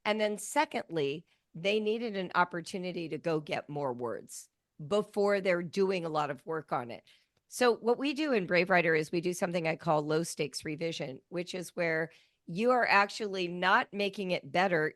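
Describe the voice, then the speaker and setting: A woman in her fifties with a fairly low voice talks through her teaching ideas as a guest, telling animated stories and acting out quoted lines. The sound is dry and close. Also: moderate pace, no room sound. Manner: animated storytelling, acts out quotes. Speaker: writing educator, guest. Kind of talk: conversational interview.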